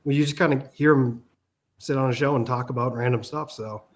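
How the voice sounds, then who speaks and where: A man's voice: mid-range voice, fairly quick. Chill minnesota guy hosting a stream, easy middle voice. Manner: relaxed, laid-back, lots of fillers. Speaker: livestream host. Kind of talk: casual livestream hosting.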